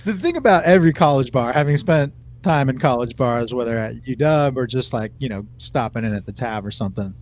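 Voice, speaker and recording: A man's voice: medium pitch, expressive, slight background noise. Easygoing young man co-host. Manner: easygoing, laughs along, gives measured takes. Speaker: podcast co-host. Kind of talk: casual chat.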